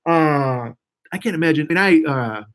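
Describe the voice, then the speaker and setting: A man's voice: on the high side, expressive, normal speed, fairly bright tone. A man in his forties rambling profanely to a live-stream audience, restarting sentences often. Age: 40s.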